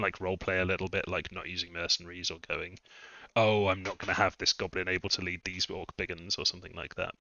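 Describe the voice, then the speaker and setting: A man's voice: deep voice, gravelly, sharp tone, dry recording. A man thinking aloud as he live-streams a strategy game, musing over his moves. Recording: dull lo-fi dry mic sound.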